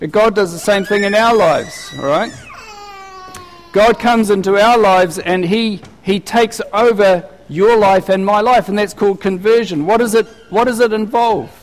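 A man's voice: high voice, a little slow. A middle-aged man preaching a sermon in a conversational way, asking the listeners many rhetorical questions. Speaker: pastor. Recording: long hall reverb.

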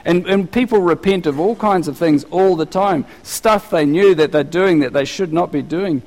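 Middle-aged male preacher, casual conversational sermon, slightly high voice, recorded in an echoing hall. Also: moderate pace, darkish tone. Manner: conversational preaching with rhetorical questions. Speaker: pastor. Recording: long hall reverb.

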